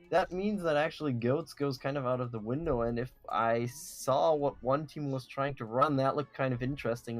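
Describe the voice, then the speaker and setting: A man casting an esports match, giving measured, analytical play-by-play and breaking down team compositions. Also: mid-range voice. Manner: measured analytical commentary with some fillers. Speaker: esports caster.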